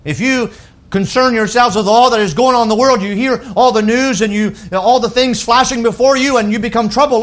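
High-voiced preaching pastor, man. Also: steady tone. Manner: emphatic preaching that rises to shouts and drops to soft lows; quotes scripture in a slow, deliberate voice. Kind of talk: sermon.

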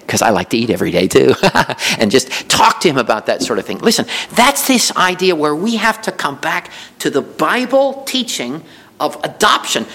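Lively preaching man, animated pitch. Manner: lively preaching with chuckles and repetitions. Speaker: pastor. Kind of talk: sermon. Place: church sanctuary.

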